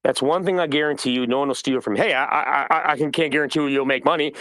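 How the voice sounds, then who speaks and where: A man's voice: medium pitch, quick pace, a bit bright, no echo. Blunt, rambling man. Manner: rambling and blunt, swears freely, acts out customer dialogue. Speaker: project founder hosting an AMA. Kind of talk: casual unscripted monologue.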